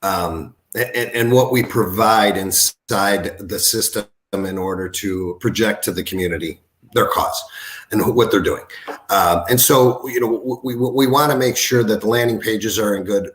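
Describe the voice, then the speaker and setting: Low-voiced man in an echoey room. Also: fairly even intonation, fairly bright tone. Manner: halting, repeats words. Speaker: podcast guest. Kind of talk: casual interview.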